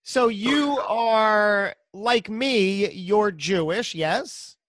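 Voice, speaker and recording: A man's voice: high voice, extremely slow, a bit bright, no echo. A man hosting a podcast interview, enthusiastic and full of compliments for his guest. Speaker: podcast host. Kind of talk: casual interview chat.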